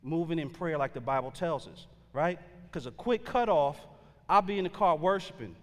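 A man's voice: a little high, animated, normal speed, big-room sound. A man preaching a sermon, telling a story in a loose, conversational way with slang and frequent fillers. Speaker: pastor.

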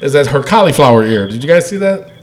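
A man's voice: mid-range voice, lively intonation, quick pace. A man co-hosting a podcast, casually chatting, laughing often and reading listener comments aloud. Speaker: podcast co-host.

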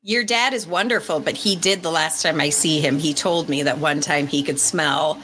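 Bright-voiced, lively woman in her forties. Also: sits low, moderate pace, slight background noise. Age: 40s. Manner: animated storyteller, laughs often. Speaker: podcast co-host. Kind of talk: casual chat.

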